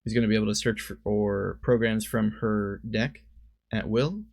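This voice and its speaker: Low gravelly man casually commenting on a game. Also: moderate pace, a little mellow, no room sound. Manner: thinks aloud, often corrects himself. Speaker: streamer and commentator.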